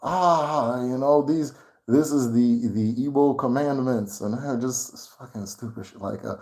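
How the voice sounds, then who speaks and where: A male host with a Nigerian English accent chats casually with his viewers. He grows animated and worked up, laughs often, and his mid-range voice climbs as he gets heated. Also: medium pitch, a little slow. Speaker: channel host. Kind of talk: casual livestream chat.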